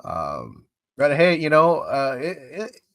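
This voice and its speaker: A man's voice: on the high side, wildly swooping pitch, takes it slowly, gravelly, a bit bright. A young man hosting a casual podcast, a bit congested and with his voice still coming back, rambling with lots of fillers and restarts. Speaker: podcast host.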